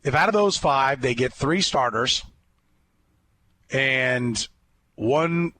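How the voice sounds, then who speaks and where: A man hosting a sports talk show, chatting casually as an animated storyteller who rambles and restarts often. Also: medium pitch, slow pace, slight background noise. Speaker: radio sports host.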